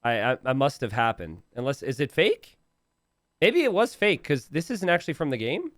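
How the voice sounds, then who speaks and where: A man's voice: mid-range voice, moderate pace, dry recording, studio quality. A man casually chatting on a stream as a game caster, laughing often and teasing his viewers. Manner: giggly, animated, laughs often mid-sentence; chatty, teasing, self-correcting. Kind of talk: casual stream chat reacting to viewer memes.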